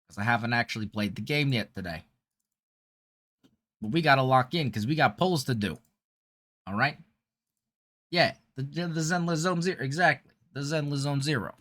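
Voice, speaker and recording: Excitable male streamer. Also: on the high side, dry recording, studio quality. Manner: excitable, laughing, reacting aloud. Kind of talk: casual live-stream chat.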